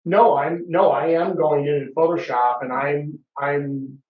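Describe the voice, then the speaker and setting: A man's voice: fairly high pitch, fairly even intonation, a little slow. A man presenting his photos and explaining camera technique in a casual club discussion, patient but persistent. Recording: roomy, muffled meeting recording.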